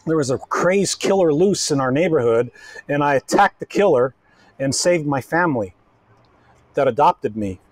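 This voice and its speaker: A man's voice: fairly high pitch, animated, moderate pace, dry recording. A man voicing a brave, loyal male golden retriever dog in a joke he tells during a sermon, speaking plainly and earnestly.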